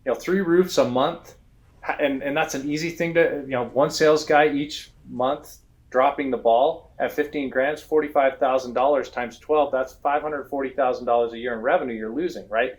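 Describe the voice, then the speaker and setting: A man on a business interview, explaining roofing software with animated stories and acted-out customer voices. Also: mid-range voice, moderate pace. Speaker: guest, roofing software expert.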